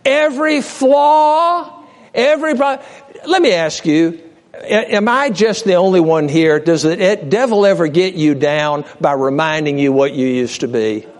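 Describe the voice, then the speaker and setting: A man preaching a sermon with passion, swinging between raised cries and low hushed storytelling, often restarting words and speaking straight to his listeners. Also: normal speed. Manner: repeats and restarts words, direct address to listeners. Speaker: pastor.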